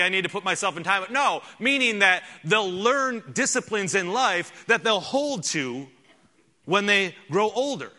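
A man's voice: a little high, sharp tone. A middle-aged man preaching a sermon in church as pastor, emphatic, with rhetorical questions and repeated words.

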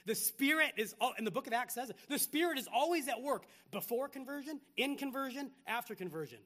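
High-voiced man preaching with lively swings. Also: a little fast. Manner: animated preaching with rhetorical questions, swinging from loud to hushed. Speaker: pastor. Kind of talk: sermon.

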